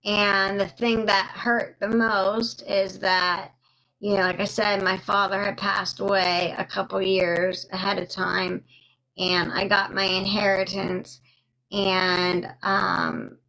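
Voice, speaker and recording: Slow, halting woman live-streaming. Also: mid-range voice, level tone, gravelly, sharp tone, poor audio. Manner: slow, halting, many ums, thanks viewers mid-story. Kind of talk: casual live-stream storytelling.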